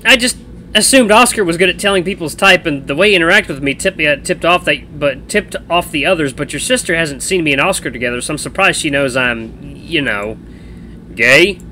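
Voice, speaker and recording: A man's voice: fairly high pitch, fairly quick, sharp tone, slight background noise, voice pushed up. A man voicing a shy, nervous young man who stumbles over his words. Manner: hesitant, stumbling.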